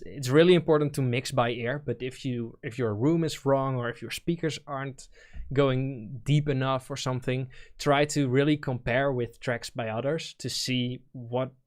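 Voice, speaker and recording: A man with a Dutch accent hosting a stream, talking casually as he gives technical feedback on music demos and thinks aloud. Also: mid-range voice. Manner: thinks aloud with fillers, explains technical points.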